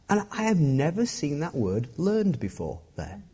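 A man's voice: fairly high pitch, huge pitch swings, normal speed, mellow, breathy edge. A middle-aged man preaching a sermon as a pastor, joking and self-deprecating as he talks. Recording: long hall reverb.

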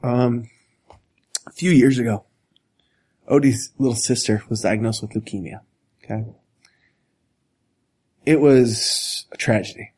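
A man preaching a sermon as a pastor, earnest and deliberate, with dramatic pauses and sudden drops to a whisper. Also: mid-range voice, darkish tone, breathy edge.

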